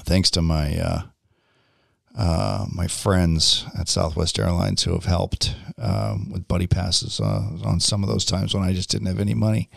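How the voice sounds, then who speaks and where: Deep gravelly man telling a rambling story. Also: animated, unhurried, no room sound, clean studio sound. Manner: rambling, frequent ums and restarts. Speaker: podcast host. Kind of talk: casual storytelling monologue.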